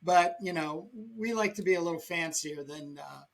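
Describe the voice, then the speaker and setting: A man hosting a casual podcast chat, talking quickly and rambling with many restarts. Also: a little high, creaky. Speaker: podcast host.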